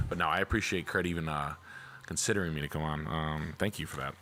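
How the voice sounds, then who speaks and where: A man's voice: deep voice, racing, pushed and bright, a little hiss or hum. A young man hosting a casual livestream, rambling and self-deprecating with crude jokes. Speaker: realtor and livestream host.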